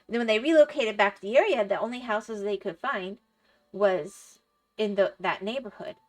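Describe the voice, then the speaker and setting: A woman's voice: medium pitch, normal speed. A middle-aged woman livestreaming, chatting casually and rambling through stories, laughing often and answering her chat. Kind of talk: casual chat while gaming.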